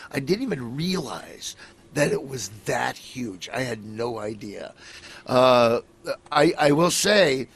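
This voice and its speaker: A man's voice: mid-range voice, vocal fry, a bit bright, slightly rough. A middle-aged man from Nebraska, a comedian telling rambling stories in a casual interview, acting out other people as he goes.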